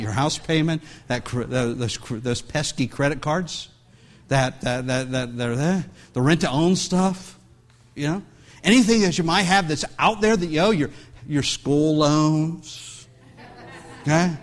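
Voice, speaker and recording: A man's voice: on the high side, a little slow. A man preaching a sermon as pastor, reading scripture aloud and breaking into conversational asides, with many restarts.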